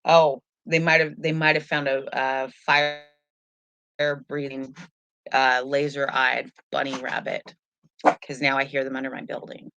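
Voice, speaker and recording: A woman's voice: rumbling low, little pitch movement, moderate pace, a bit bright, no room sound. A woman hosting a live tarot stream at home, chatting in a rambling, easygoing way into a webcam. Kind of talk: casual live stream chat.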